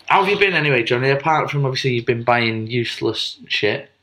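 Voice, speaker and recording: A man's voice: mid-range voice, lively intonation, fast, background noise. A young man co-hosting a casual podcast chat, teasing his co-host with jokey banter.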